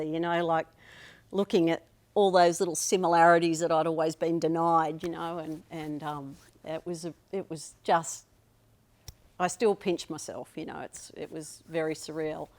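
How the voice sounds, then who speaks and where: A woman's voice: low-pitched, a little mellow. A woman in her fifties telling a personal story at a live storytelling night, chatty and self-amused, with trailing restarts. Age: 50s.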